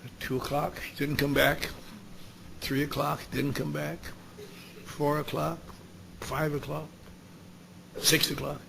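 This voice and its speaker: A man with a somewhat high, gravelly voice tells a story to a meeting. He is blunt and wry, and he swears without fuss. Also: level tone, a little slow, long pauses, noisy background. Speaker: speaker at a recovery meeting. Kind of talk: storytelling talk.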